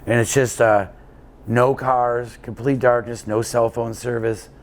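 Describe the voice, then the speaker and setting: A man's voice: mid-range voice, little pitch movement, a little slow. A man being interviewed as an endurance cyclist, telling a long story in a casual, rambling way with plenty of fillers and restarts.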